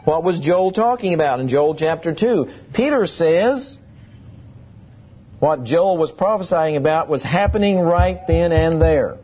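Male preacher, higher voice, husky, dull lo-fi sound, emphatic sermon delivery. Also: expressive, unhurried. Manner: emphatic, rhetorical questions.

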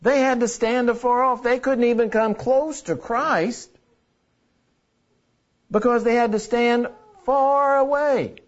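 A man's voice: extremely high pitch, steady tone, takes it slowly, long pauses, dull audio. A man preaching a sermon in an earnest way, repeating key phrases for emphasis. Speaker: pastor.

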